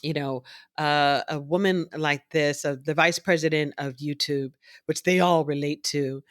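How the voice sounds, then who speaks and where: An animated woman storyteller speaking as a guest in an interview, slipping into the voices of the people in her stories. The sound is close and dry, with no room around it. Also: sits low, unhurried, no room sound. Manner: animated storyteller who acts out others' voices. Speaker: guest, nonprofit founder.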